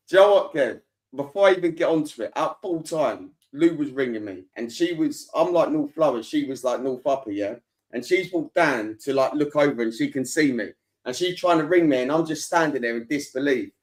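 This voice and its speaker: A man's voice: mid-range voice, moderate pace. A man hosting a casual football podcast, reading viewer comments and telling stories animatedly.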